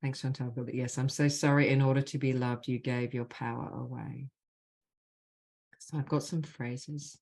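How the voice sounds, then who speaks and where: Low-voiced woman guiding a healing call. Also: darkish tone. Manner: slow, deliberate reading of repeated phrases. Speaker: spiritual mentor leading a group call. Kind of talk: guided clearing session with spoken healing phrases.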